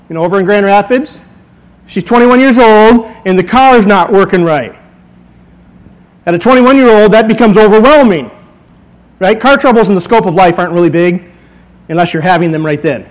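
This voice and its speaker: Pastor guy in his 40s, kinda high voice, chatty sermon w little acted-out bits. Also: low-quality recording. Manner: conversational, acts out little dialogues. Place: church sanctuary.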